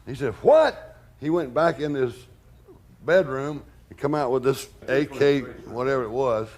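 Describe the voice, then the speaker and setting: Older male interviewee, mid-pitched, blunt, lively anecdote teller. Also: moderate pace. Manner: animated, blunt, swears freely. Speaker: interviewee recalling past events. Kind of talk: documentary interview storytelling.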